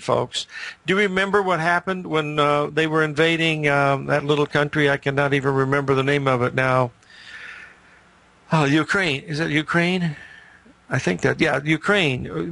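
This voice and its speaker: Gravelly-voiced older man. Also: a little high, fairly even intonation, moderate pace, pushed and bright, dry recording. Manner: rambling, anecdotal, emphatic. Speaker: market show host. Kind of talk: casual market commentary.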